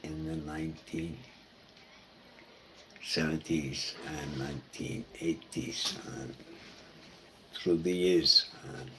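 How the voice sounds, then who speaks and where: A man from Iceland with an Icelandic accent, a pastor telling personal stories in a halting, reflective way. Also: a bass voice, fairly even intonation, noisy background. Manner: halting and reflective, with many fillers and restarts. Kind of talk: personal storytelling talk.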